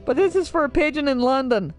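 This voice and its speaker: Excitable, foul-mouthed young woman gamer. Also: sits high, quick pace, loud music behind the voice. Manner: casual, swears often, laughs, excitable. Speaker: let's play host. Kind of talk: game commentary.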